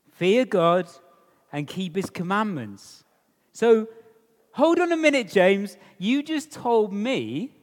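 A man delivers a sermon in a chatty, animated way, throwing rhetorical questions at his listeners. His voice sits high and swings widely in pitch. He takes his time, and a long hall reverb trails each phrase. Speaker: preacher.

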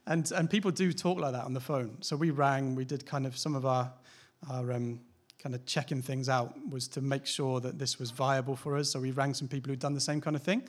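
A man's voice: medium pitch, steady tone, fairly quick, few pauses. A man, a pastor, preaching a sermon in a candid, conversational way, asking rhetorical questions and laughing lightly now and then.

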